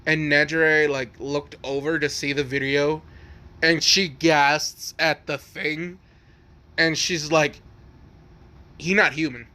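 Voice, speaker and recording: A man with a bright, forceful tone rambles through an improvised fan story. He swears freely, piles on likes and restarts, and sits a bit higher than most men. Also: flat delivery, slow pace, clean tone.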